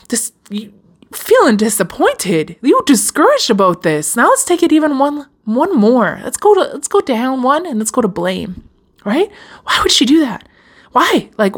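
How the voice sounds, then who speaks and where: Animated woman giving a motivational talk. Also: medium pitch. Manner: animated, swearing, addresses listeners directly. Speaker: podcast host. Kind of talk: motivational self-help talk.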